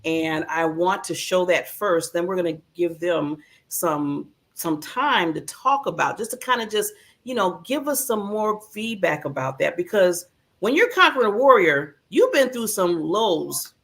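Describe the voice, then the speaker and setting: A woman's voice: on the low side, animated, a little slow, a bit bright. A woman hosting a talk show in a bubbly, emotional way, laughing often. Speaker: host.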